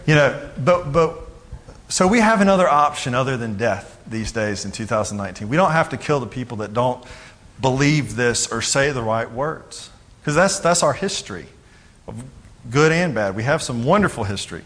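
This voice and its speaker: A man giving a sermon as pastor, talking in a loose, conversational way with jokes and quick acted-out voices of other people. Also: medium pitch, lively intonation, a bit bright.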